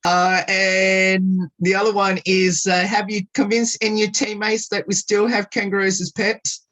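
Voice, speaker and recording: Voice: mid-range voice, little pitch movement, normal speed, fairly bright tone. A radio host asking interview questions over a video call.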